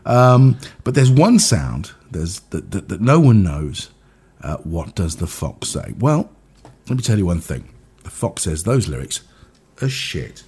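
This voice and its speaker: A man's voice: sits low, sing-song, unhurried, a little mellow, husky. A man hosting a homemade comedy show from his bedroom studio, rambling through jokes with lots of ums and asides. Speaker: DJ and podcast host. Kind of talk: rambling comic monologue.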